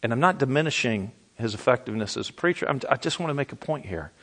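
A middle-aged man preaching a sermon as pastor, animated and repetitive, asking the audience questions. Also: medium pitch, quick pace.

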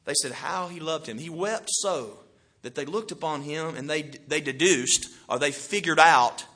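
A middle-aged man preaching with a high, bright, forceful voice. He swings between loud bursts and quiet, hushed asides throughout his sermon. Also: lively intonation, moderate pace, husky.

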